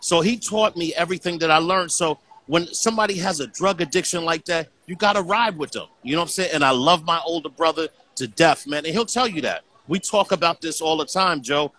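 A man's voice: fairly high pitch, fairly quick, few pauses, pushed and bright. A middle-aged man talking earnestly as a guest in a casual conversation, often saying "you know what I'm saying".

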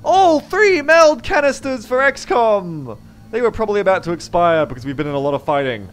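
Excitable, swearing man commentating a game. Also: high-pitched, a little fast. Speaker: game streamer. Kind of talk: live gameplay commentary.

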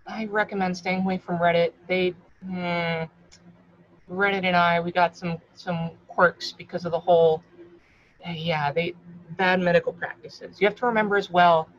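A woman in her thirties talking frankly to camera in a casual advice vlog. She is warmly encouraging, swears freely and calls the viewer hun. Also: fairly low pitch, a little hiss or hum. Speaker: vlogger. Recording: slightly dull lo-fi recording.

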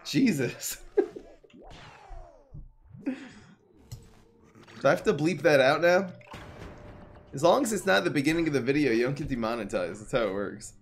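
A young man giving casual live commentary on his card game, excitable and jokey, muttering one moment and loud the next. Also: on the high side, normal speed, pauses often. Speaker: gaming streamer.

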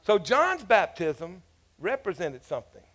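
A man's voice: high voice, sing-song, unhurried, fairly bright tone. A man pastor preaching a sermon in a casual, joking storytelling manner, with asides to the congregation. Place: church.

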